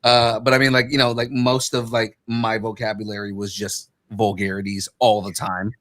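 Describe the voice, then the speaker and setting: A man's voice: fairly low pitch, flat delivery, normal speed, a bit bright, dry recording. A man hosting a casual podcast, talking loosely and swearing freely. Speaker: podcast host.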